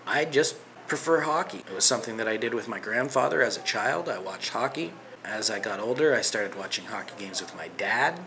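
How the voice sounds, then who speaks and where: A man's voice: fairly low pitch, expressive, fairly quick, creaky, sharp tone, slight background noise. Rambling middle-aged Canadian man. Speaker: vlogger. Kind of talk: rambling video response.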